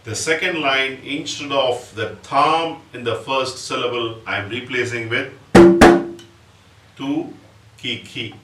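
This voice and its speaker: A medium-pitched man with an Indian English accent gives a percussion lesson over music, explaining step by step and slowly reciting drum syllables. The recording is roomy, with a distant mic and audible background noise.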